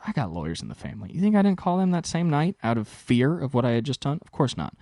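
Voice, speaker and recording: A young man hosting his own podcast, telling a rambling story in casual, profane storytelling with sudden jumps in pitch for emphasis. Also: fast talker, gravelly, no echo, clean studio sound. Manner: animated, swears freely, pitch jumps high for emphasis. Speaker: podcast host and stand-up comic.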